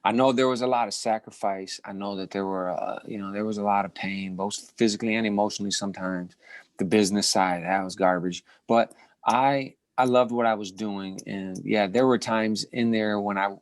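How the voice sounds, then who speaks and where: A middle-aged man, once a boxing champion, tells his fight stories with a low voice. He talks in bursts, repeats and restarts his words, and laughs often. His voice sounds dry and close, with no room around it. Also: normal speed, dry recording. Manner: animated storyteller with many restarts and repeated words. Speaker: former boxing champion, guest. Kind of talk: storytelling in a casual interview.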